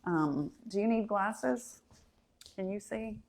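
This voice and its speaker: A woman's voice: mid-range voice, takes it slowly, a little hiss or hum. A middle-aged woman hosting a cooking channel livestream, chatting in a friendly way and asking her viewers questions. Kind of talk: casual live-stream chat.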